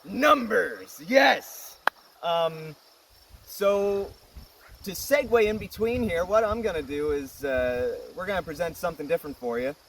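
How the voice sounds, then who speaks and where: Joking, self-correcting festival host; slightly high man's voice; outdoor field recording off-mic with insect noise. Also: lively intonation, unhurried, a bit bright. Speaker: host of a virtual music festival. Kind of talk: casual rambling vlog intro. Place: outdoors at a rural campsite. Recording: distant mic, insects in background.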